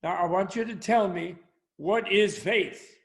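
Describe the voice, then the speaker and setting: A man's voice: high-pitched, measured pace, gravelly. A man putting on an American Southern accent to voice a folksy preacher coaxing his congregation, speaking in a drawling, sing-song way. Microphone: video call.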